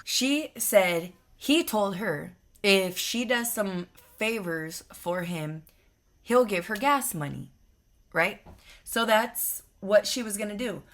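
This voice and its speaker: A woman's voice: mid-range voice, lively intonation, slow, a bit bright. A woman in her twenties telling a storytime to her channel, blunt and profane, exasperated as she retells it. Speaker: vlogger. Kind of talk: storytime monologue.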